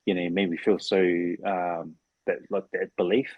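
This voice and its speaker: A man's voice: low-pitched, steady tone, normal speed, slightly rough, no room sound, muffled recording. A man in his forties from New Zealand, a former rugby league player, talking as a podcast guest in a laid-back, rambling way with lots of fillers. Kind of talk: casual interview chat. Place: podcast studio.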